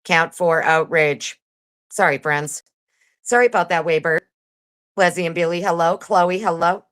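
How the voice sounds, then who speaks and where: A woman hosting a casual livestream, reading a legal document aloud quickly and breaking off into sarcastic, profane asides to her chat. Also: fairly low pitch, a bit bright, clean tone. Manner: fast reader. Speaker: livestream host.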